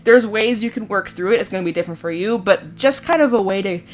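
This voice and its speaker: A woman giving a casual tarot reading in a chatty, expressive way, sometimes giggling and swearing casually. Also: mid-range voice, fast. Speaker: tarot reader. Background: soft background music.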